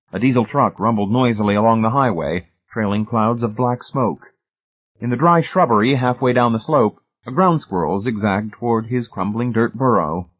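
A man reading an audiobook in a steady, measured narration, recorded with a tinny phone-like sound. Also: lowish voice, breathy edge.

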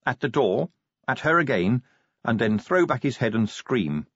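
Brief: expressive male audiobook narrator, animated delivery, slightly husky, muffled dry sound. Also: mid-range voice, normal speed, no room sound. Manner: expressive, dramatic storytelling. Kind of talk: scripted fantasy narration.

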